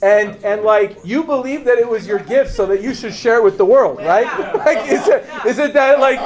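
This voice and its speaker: A man's voice: high voice, animated, normal speed, faint music behind. A man leading his agency team with a fervent, preacher-like message. He is blunt and confrontational, repeats his points for emphasis, asks rhetorical questions, and breaks into laughter.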